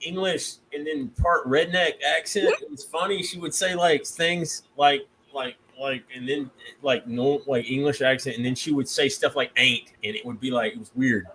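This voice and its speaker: A man's voice: medium pitch, normal speed, few pauses, slight background noise, rough recording. A man with a Southern US accent, a guest on a casual podcast, telling stories with slang and laughter. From American South. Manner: animated storytelling, laughing, slangy.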